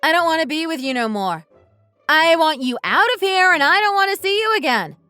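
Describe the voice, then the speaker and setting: A woman's voice: a little high, big pitch swings, normal speed, a bit bright, no echo. Brief: woman as fed-up wife, accusing tone, light music behind, dry close sound. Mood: cold. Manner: bitter, accusing, blunt. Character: resentful wife fed up with her husband. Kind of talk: scripted dialogue drama.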